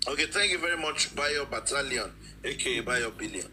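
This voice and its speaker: A man's voice: medium pitch, animated, a little fast, bright, forceful tone, a little hiss or hum, low-quality recording. A man, speaking as a guest in a live-stream discussion, emphatic and repeating phrases for stress.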